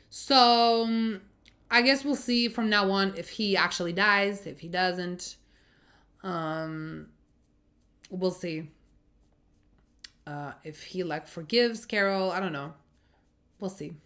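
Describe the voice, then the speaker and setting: A woman casually reviewing TV episodes in a chatty, expressive, rambling way, swearing freely and thinking out loud. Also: mid-range voice. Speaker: TV series reviewer. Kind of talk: casual spoken review vlog.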